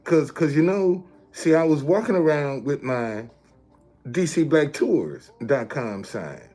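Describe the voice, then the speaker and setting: A man's voice: fairly high pitch, lively intonation, takes it slowly, mellow. A man talking casually to his viewers, explaining things step by step with emphasis and often checking that they follow. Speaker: street messenger and video host.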